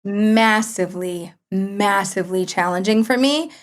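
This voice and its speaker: A middle-aged woman talking casually as a guest, telling a personal story and acting out her own past lines with big jumps in pitch. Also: unhurried. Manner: animated, quotes herself with big pitch jumps. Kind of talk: conversational storytelling.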